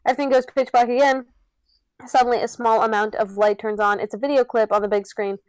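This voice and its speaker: A woman's voice: on the high side, steady tone, fast, dry recording, poor audio. A woman reading out stage directions for a comedy podcast script reading on a close mic. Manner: reads stage directions with giggles. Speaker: narrator.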